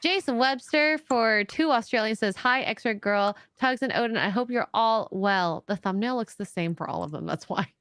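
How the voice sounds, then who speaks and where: A woman's voice: fairly high pitch, normal speed, few pauses, a bit bright, clear, resonant tone. A woman co-hosting a podcast, chatting casually, reading out donation messages and laughing easily. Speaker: podcast co-host.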